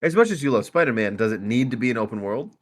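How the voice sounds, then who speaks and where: A man's voice: medium pitch, expressive, fast talker. A man co-hosting a podcast in casual chat, teasing and pushing his co-host with banter.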